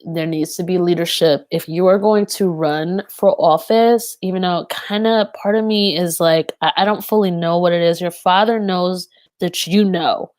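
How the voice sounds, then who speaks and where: A woman giving a tarot card reading to camera. She speaks earnestly and haltingly, with many fillers. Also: fairly low pitch, fairly even intonation, darkish tone, no room sound.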